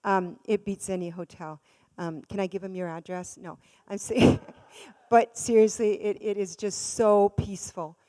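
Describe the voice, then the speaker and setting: A middle-aged woman preaching a church sermon, telling a story dramatically, swinging from loud bursts to hushed tones. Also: mid-range voice, fairly even intonation, measured pace. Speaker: guest speaker. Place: church hall. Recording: long reverb of a large hall.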